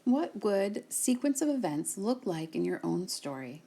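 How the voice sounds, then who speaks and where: A woman teacher giving a recorded reading lesson, sounding out words slowly and clearly for her students. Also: mid-range voice, sing-song, dark tone.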